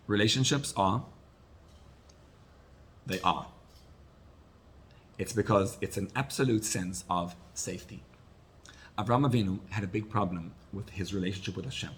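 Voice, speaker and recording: A rabbi giving a Torah class, retelling stories with animated swings between loud and soft. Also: male voice, fairly low pitch. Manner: storytelling, animated rises and drops in loudness.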